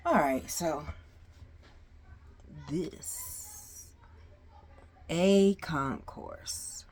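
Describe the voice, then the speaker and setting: A woman's voice: lowish voice, expressive, slow, pauses often, darkish tone, slightly rough. A woman telling a storytime to her viewers in a casual, exasperated way, sighing often. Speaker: storyteller vlogger.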